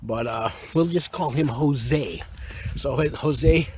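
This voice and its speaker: This former prisoner tells his story and gives advice to the camera in a frank, meandering, casual manner, with plenty of fillers and restarts. He talks slowly at a medium pitch.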